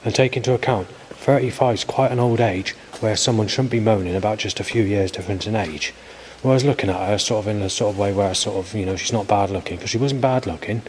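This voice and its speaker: A man's voice: lowish voice, fast, few pauses, a little mellow. Rambling, swearing man in his forties. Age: 40s. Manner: rambling, hesitant, swears often, many fillers. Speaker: vlogger. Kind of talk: rambling spoken video diary. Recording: faint background noise.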